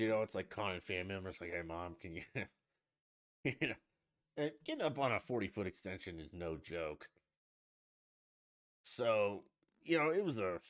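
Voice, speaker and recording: Speaking in a fairly low, slightly bright voice, a man hosts a stream and delivers a blunt, casual rant full of profanity.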